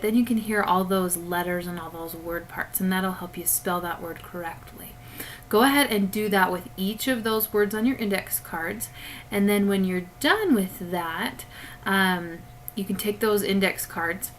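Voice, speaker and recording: A woman's voice: mid-range voice, a bit bright, a little hiss or hum, rough recording. A woman teacher giving a recorded spelling lesson to children, patiently explaining each step through a webcam.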